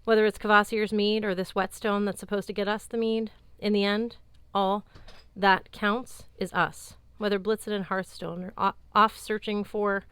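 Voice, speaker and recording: A woman's voice: mid-range voice, little pitch movement, normal speed, few pauses, fairly bright tone, clear, resonant tone, no echo, lightly acted. A woman reading an audiobook, voicing a fierce, bitter young woman warrior in a brusque, sardonic tone. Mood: earnest. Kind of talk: audiobook character voice.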